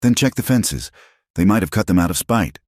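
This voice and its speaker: An earnest, determined frontier widow, read by a man raising his very deep voice. She speaks plainly in a storybook telling, recorded close and dry. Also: animated, brisk, darkish tone, no echo. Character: determined young widow rancher, warm.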